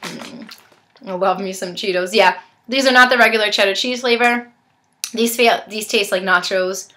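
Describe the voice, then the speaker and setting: Chatty and chewing as she talks, a young woman tastes snacks in a casual unboxing vlog, occasionally speaking with her mouth full. She has a medium-pitched, pushed, bright voice at a normal speed, over slight background noise.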